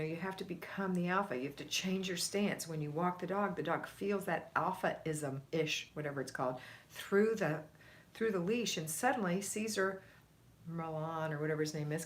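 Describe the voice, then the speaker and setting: A woman's voice: lowish voice, a little hiss or hum. Chatty motherly woman coaching. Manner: chatty, motherly, firm encouraging pep talk. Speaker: homemaking coach live-streaming. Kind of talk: casual live-stream talk to viewers.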